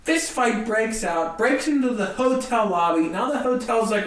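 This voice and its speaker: Animated young man telling a comedy story. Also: high-pitched, normal speed, recorded from a distance. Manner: animated, acts out other people's voices. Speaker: guest comedian. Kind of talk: casual storytelling. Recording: roomy echo, a bit off-mic, faint hiss.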